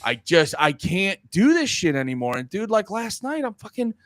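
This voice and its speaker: Animated, profane man in his thirties. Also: high-pitched, normal speed. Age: 30s. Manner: rambling, animated, swears a lot, stammers on restarts. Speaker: podcast co-host. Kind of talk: casual chat.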